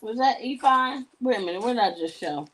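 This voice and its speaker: A woman's voice: a little high, animated, brisk, low-quality recording. A woman hosting a live jewelry-selling show, chatting casually and telling sassy stories between items, with asides to her viewers. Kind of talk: casual live-stream chat.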